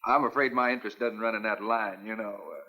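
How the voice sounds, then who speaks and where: A plain-spoken sea captain in a 1950s film. He talks fast and bluntly in an easygoing way. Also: lowish voice, fairly even intonation, bright, forceful tone, rough recording. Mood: casual. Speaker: boat captain.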